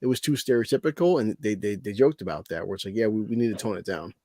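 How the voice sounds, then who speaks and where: Man, low voice, quick delivery, swearing co-host on a dry mic. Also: animated, mellow, no echo. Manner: swears freely, quick laughs. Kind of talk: casual chat.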